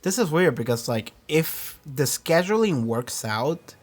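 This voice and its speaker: A man's voice: fairly high pitch, animated, unhurried. A man hosting a reaction channel, chatting casually in a rambling way, correcting himself often, laughing and swearing easily. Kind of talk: casual chat.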